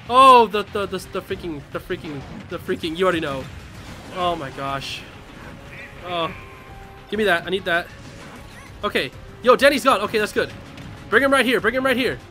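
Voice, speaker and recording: A young man calls out his own matches on stream, excitable and full of slangy trash talk. His voice sits high and bright and leaps all over the place. Game music plays faintly behind him. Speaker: gaming streamer. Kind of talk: live gameplay commentary.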